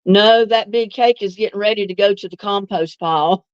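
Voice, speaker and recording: A woman's voice: mid-range voice, moderate pace, smooth, no echo, highs cut off. A woman hosts a casual live stream, chatting easily with viewers and laughing often. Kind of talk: casual live chat answering viewer comments.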